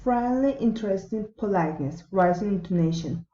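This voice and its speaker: A woman reads English word pairs and practice sentences at an unhurried, careful pace, modeling each sound and intonation pattern. Her voice is soft and mellow. The recording is dull and lo-fi, in a roomy space with echo. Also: mid-range voice. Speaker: English pronunciation teacher. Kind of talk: slow read-aloud pronunciation drill.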